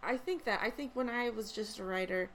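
A woman's voice: fairly high pitch, brisk, fairly bright tone, slight background noise. A woman writer chatting casually on a podcast, playful and teasing. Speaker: writer and voice performer.

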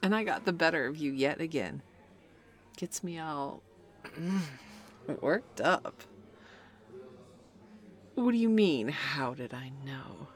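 Smug, taunting best friend, played by a young woman; low and unhurried, playful edge throughout. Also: expressive. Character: cocky, teasing female best friend. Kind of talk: audio role-play.

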